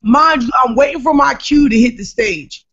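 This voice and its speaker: A woman comedian from New Jersey tells a story with big, animated emphasis and bursts of shouting. The sound is somewhat dull and lo-fi, like a casual podcast recording. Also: high-pitched, moderate pace, slightly rough. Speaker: comedian guest.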